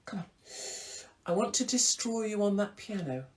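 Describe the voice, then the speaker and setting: A woman hosting a casual live-stream chat, irreverent and theatrical, breaking into sudden high exclamations. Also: lively intonation, moderate pace, a little hiss or hum. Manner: swings into big high exclamations. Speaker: host.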